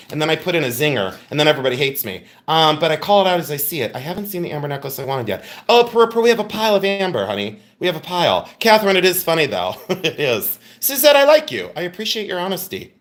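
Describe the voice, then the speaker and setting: A man's voice: a little high, very animated, fast talker, a bit bright. A middle-aged man hosting a live jewelry sale, chatting and teasing as he greets viewers by name. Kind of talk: live-stream sales chat.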